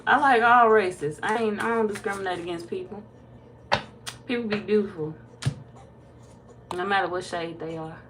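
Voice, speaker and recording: A woman's voice: medium pitch, normal speed, pauses often, noisy background. Laid-back woman chatting on a livestream. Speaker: tarot reader. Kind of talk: casual livestream chat reading viewer comments.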